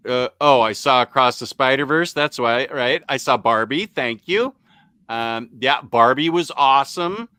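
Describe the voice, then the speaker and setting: Slow, crisp-voiced man chatting. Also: medium pitch, bright, forceful tone, no echo. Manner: halting, many ums and restarts. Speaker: podcast host. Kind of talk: casual chat. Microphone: USB microphone on computer.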